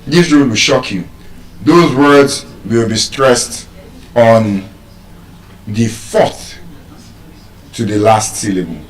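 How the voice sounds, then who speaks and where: Nigerian male speaker, lively teacher at a distant mic in a reverberant hall. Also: mid-range voice, takes it slowly, pauses often. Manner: animated, quizzes the audience with questions. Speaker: public speaker teaching pronunciation. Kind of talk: live speech to an audience. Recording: echoey hall, voice from far off.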